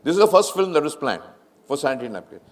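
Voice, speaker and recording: A man's voice: on the high side, racing. A middle-aged man with an Indian English accent, a film director telling stories in a live fireside chat in a large hall, acting out quoted talk. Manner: animated, acts out quoted conversations.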